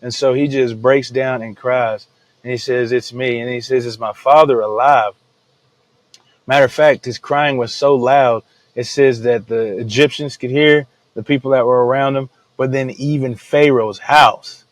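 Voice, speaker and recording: A man's voice: mid-range voice, steady tone, moderate pace, no room sound, rough recording. Laid-back man hosting a Bible devotional. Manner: laid-back, says "man" often, retells the story in everyday slang. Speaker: devotional podcast host. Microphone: podcast microphone.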